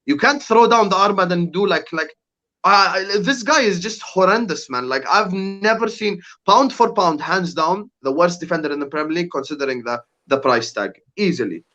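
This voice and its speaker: A man's voice: high-pitched, expressive, normal speed, pushed and bright, dull audio. A young man on a podcast, ranting heatedly about football and swearing often. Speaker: podcast guest, rival fan. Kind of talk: casual podcast chat.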